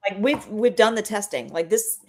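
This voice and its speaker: A woman's voice: mid-range voice, lively intonation, moderate pace. Earnest woman in her fifties. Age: 50s. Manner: earnest, persuasive, preachy. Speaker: guest. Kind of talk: casual interview chat.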